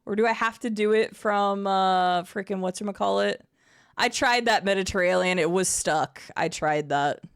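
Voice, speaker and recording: A young woman streaming a game, chatting casually and getting emotional and excitable, with casual swearing. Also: medium pitch, moderate pace, smooth. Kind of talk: casual live-stream gaming chat.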